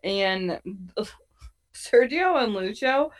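Animated woman recapping a show. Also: a little high, extremely slow. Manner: animated, swearing, acts out quotes. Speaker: podcast co-host. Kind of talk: casual recap chat about a TV show.

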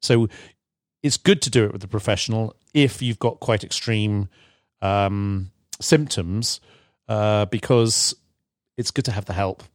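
Calm therapist man, low voice. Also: no room sound, clean studio sound. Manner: calm, halting with fillers. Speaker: therapist guest. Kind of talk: casual explanation.

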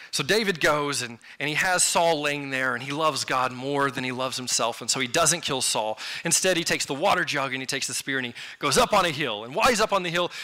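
A man's voice: a little high, pushed and bright. A man preaching a sermon in a conversational way, turning to the listeners with casual asides.

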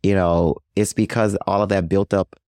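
A man with a very low voice talks earnestly as an interview guest about his outreach work. He leans on "you know" as he goes. The sound is dry and close. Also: fairly even intonation, moderate pace, darkish tone, dry recording. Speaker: guest, HIV outreach worker. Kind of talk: casual interview talk.

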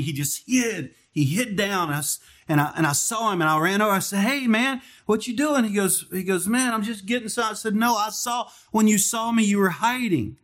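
Animated pastor preaching. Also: male voice. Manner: animated storytelling, acts out dialogue in a higher voice. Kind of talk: sermon.

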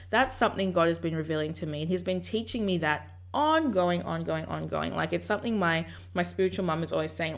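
A woman's voice: on the low side, a bit bright. A woman hosting a podcast, talking casually and reflectively about faith and acting out her own inner dialogue. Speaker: podcast host. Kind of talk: casual faith encouragement talk.

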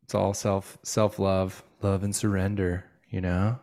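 A man in his thirties co-hosts a podcast, chatting casually in a laid-back, rambling way packed with fillers. His voice is low-pitched and darkish, with a level tone and an unhurried pace.

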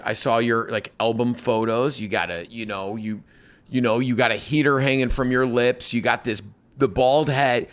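A man hosting a podcast interview in a casual, rambling, animated way, laughing as he talks. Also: medium pitch. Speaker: podcast host.

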